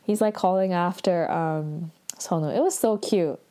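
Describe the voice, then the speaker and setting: A woman chatting casually as she recaps a show, full of "like" fillers and excited asides. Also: fairly low pitch, measured pace. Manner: chatty, fills talk with "like", acts out characters' lines and squeals in delight. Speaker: drama recap vlogger.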